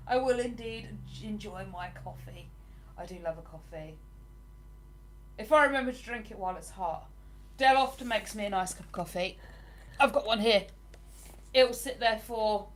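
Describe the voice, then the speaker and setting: A woman's voice: medium pitch, fairly bright tone. A woman from Hertfordshire with a southern English accent, hosting a casual livestream and chatting back to viewer comments with lots of enthusiasm and laughter. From England (Hertfordshire). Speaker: livestream host. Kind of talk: casual live chat, reading viewer comments.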